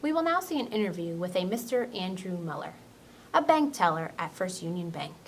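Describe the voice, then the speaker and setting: A woman's voice: lowish voice, brisk, slight background noise. A woman playing a mock-serious TV news anchor in a home-video news skit. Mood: newsy. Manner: lively, mock-serious newsreader delivery. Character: chirpy female TV news anchor.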